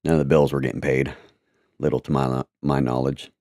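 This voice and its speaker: A man telling a personal testimony in a halting, repetitive, earnest way. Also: a bass voice, flat delivery, warm tone, dry recording, studio quality.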